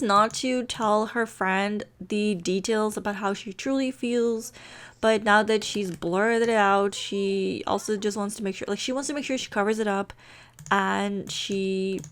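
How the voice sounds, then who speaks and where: A woman's voice: medium pitch, steady tone, unhurried, clean tone. A woman casually narrating a life-sim game story, rambling along with many fillers. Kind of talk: casual storytelling over gameplay.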